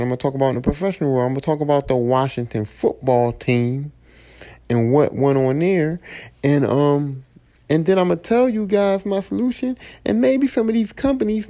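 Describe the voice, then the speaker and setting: Man, AAVE speech, gravelly, mellow timbre, brash boastful monologue. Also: on the high side. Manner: blunt, profane, boastful rant. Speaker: podcast host. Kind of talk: solo podcast monologue.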